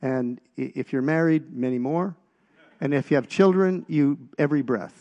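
A middle-aged man preaching a personal testimony, telling stories with halting restarts and getting louder at the punchlines. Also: medium pitch, lo-fi sound. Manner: storytelling, halting restarts, rises in volume at punchlines.

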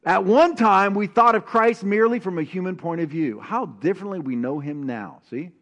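A man preaching a sermon as pastor, telling a personal story and reading scripture, animated and calling on the congregation to answer back. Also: sits high, normal speed, few pauses. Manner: animated, calls for congregation responses.

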